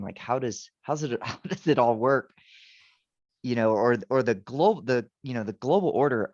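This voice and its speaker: Guy teacher on a video call, keeps restarting sentences, kinda muffled lo-fi audio. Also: mid-range voice. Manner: rambling, self-correcting, frequent restarts. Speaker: teacher giving a presentation. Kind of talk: informal talk with slides.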